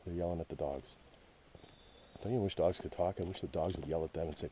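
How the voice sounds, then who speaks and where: A man's voice: low voice, brisk, dark tone, a little hiss or hum. A man with a Canadian accent, narrating a hike in the woods to an action camera in a wry, grumbling way. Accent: Canadian English. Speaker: hiking vlogger. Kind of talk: casual narration while hiking. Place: wooded trail outdoors.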